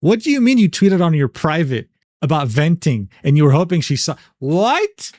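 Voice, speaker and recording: A man's voice: on the high side, big pitch swings, normal speed, a little mellow, no echo, studio quality. A man reacting on a livestream, incredulous and slangy, swearing and laughing in disbelief. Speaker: streamer.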